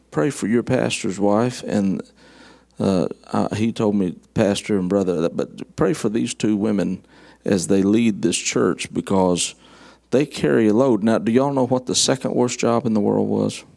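A man's voice: on the low side, measured pace, creaky, dark tone. Folksy man preaching with wry humor. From southern United States. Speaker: guest preacher. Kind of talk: sermon.

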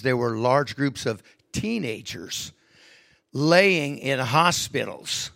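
High-voiced, emphatic male preacher. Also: gravelly, dry recording. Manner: emphatic, swinging from hushed to raised. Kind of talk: sermon.

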